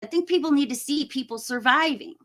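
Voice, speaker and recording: A woman's voice: sits high, brisk, fairly bright tone. A woman hosting a casual live stream, chatting and greeting viewers by name, laughing often.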